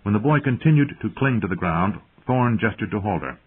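A man giving measured scripted narration of an audiobook, heard through tinny phone-like audio. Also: lowish voice, expressive, breathy edge.

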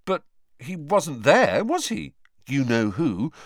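A man reading aloud and voicing an excitable, loyal teenage boy in a blunt, eager way. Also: fairly high pitch, slow, no room sound, studio quality, pitched above the performer's own voice, exaggerated voice. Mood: puzzled.

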